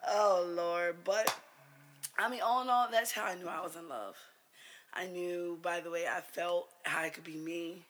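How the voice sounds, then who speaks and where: Animated young woman telling stories. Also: lowish voice, normal speed. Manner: animated storytelling, acts out quotes, laughs hard. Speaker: podcast co-host. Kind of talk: casual chat.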